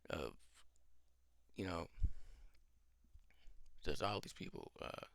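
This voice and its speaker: A man casually rambling through his own film pitch as a channel host, thinking aloud as he goes. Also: slow, fairly bright tone, no room sound.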